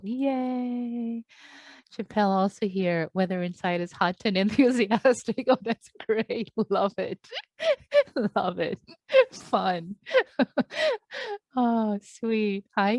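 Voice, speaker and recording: Reading attendees' check-ins over a video call, this meditation teacher responds to each with warmth and affection. She has a medium-pitched voice, and there's no echo.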